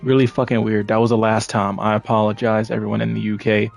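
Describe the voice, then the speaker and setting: A man's voice: lowish voice, flat delivery, quick pace, creaky, a little mellow, faint music behind. A man with a New York accent giving casual gameplay commentary, rambling and correcting himself with a lot of swearing. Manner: rambling, self-correcting, profane. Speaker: gaming streamer.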